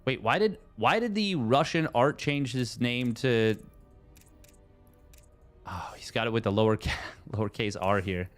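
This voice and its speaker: A man's voice: medium pitch, animated, measured pace. A Canadian man casting a tournament in a casual, chatty way, answering viewers' questions aloud. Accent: Canadian English. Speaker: tournament caster. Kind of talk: casual live commentary and chat reading.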